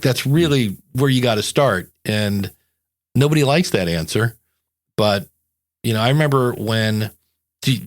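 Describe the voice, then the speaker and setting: A man hosting a podcast, chatting casually and telling a rambling story, acting out little asides as he goes. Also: medium pitch. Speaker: podcast coach and host. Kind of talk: casual chat.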